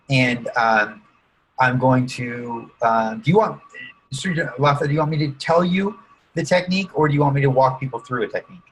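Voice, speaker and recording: A man with a husky, slightly breathy voice leads a calm guided visualization. He talks listeners through each step and keeps checking in to make sure they are following. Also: medium pitch, moderate pace, low-quality recording. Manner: calm, guiding, often checks in with "okay?" and "right?". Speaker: guest coach using neurolinguistic programming. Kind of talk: guided visualization during an interview.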